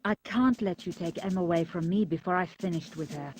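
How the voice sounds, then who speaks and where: Film villainess, played by an actress, low cold voice, orders barked over a loud score. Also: female voice, fairly quick, over music, natural voice. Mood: cold, commanding. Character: ruthless young woman villain holding a hostage.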